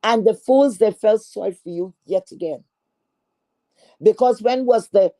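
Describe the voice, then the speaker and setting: A woman's voice: mid-range voice, a little slow, long pauses, warm tone. A woman delivering an angry, profane callout rant, confrontational and scornful, often repeating herself. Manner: repetitive, stammering restarts. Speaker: online streamer.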